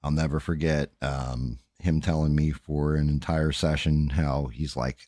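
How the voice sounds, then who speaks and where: A man's voice: very deep voice, fairly even intonation, a little slow, hardly any pauses, dark tone, no echo, studio quality. A middle-aged man hosting a livestream, chatting casually and candidly with his viewers in a rambling way, swearing freely. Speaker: livestream host. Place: home.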